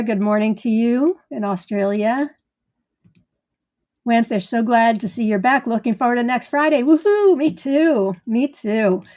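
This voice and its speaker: A woman's voice: mid-range voice, darkish tone. A woman hosting a live gardening stream in casual chat, greeting viewers by name in a chatty way.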